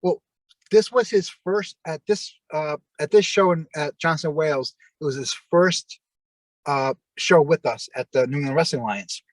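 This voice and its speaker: A man, a former pro wrestler, tells a story in a fairly high voice, animated and profane, with his shouts acted out. The sound is dry, close and without room echo. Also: moderate pace. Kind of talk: casual storytelling in an interview.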